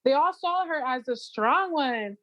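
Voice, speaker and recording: Woman, podcast co-host, reflective, chatty fillers, fairly high pitch. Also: animated, a little slow, dull audio. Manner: reflective, many fillers like "you know what I mean". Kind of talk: casual chat.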